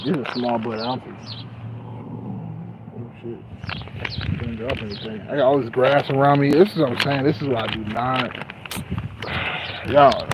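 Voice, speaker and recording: A young man livestreaming from outdoors on grass, rambling casually and cursing in frustration, his voice rising loud and dropping to mutters. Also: medium pitch, creaky, noisy background. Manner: profane, frustrated, swings loud and quiet.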